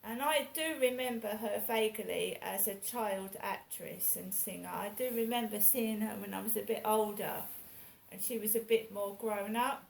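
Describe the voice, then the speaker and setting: Brief: fifties woman vlogging, gravelly and slightly high, rambling, echoey room with faint ambience. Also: moderate pace, a little hiss or hum. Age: 50s. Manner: rambling, with restarts and self-corrections. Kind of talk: casual chat to camera.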